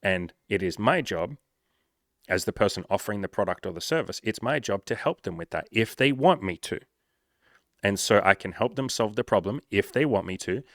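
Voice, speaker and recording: A man's voice: on the low side, lively intonation, normal speed, no echo, studio quality. A man coaching on dating and sales in a blunt, casual, profane monologue.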